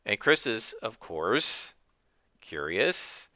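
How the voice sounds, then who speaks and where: A man's voice: on the low side, expressive, measured pace, bright, forceful tone, smooth, no room sound. A man narrating his solo tabletop game, thinking aloud with many fillers.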